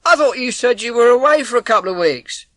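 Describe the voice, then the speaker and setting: A man's voice: very high voice, expressive, brisk, fairly bright tone, no room sound, pitched above the performer's own voice. A man voicing a friendly milkman who calls through a door with concerned, neighbourly questions.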